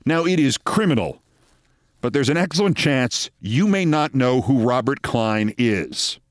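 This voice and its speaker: Man telling a lively anecdote. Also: medium pitch, no echo, studio quality. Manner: lively anecdote-telling, acting out quoted people. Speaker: host. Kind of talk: storytelling monologue.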